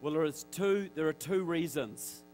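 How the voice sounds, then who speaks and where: A man with a New Zealand accent giving a direct, forceful speech to an audience in a church, with wry asides. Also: on the high side, moderate pace, a little hiss or hum, low-quality recording. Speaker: guest speaker. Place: church hall.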